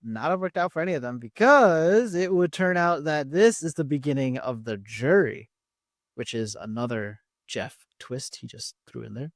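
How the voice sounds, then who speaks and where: A man co-hosting a podcast, recapping episodes in a measured, slightly hesitant way with frequent pauses. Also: fairly high pitch, expressive, no room sound, studio quality. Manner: measured, hesitant, many "uh" fillers. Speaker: podcast co-host. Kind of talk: casual chat, recapping episodes.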